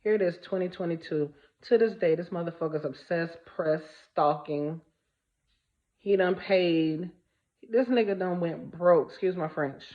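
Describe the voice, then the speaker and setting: A woman's voice: lowish voice, unhurried, highs cut off. A woman giving a casual spiritual vlog monologue, speaking bluntly and emphatically, repeating phrases for stress and swearing freely. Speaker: spiritual vlogger.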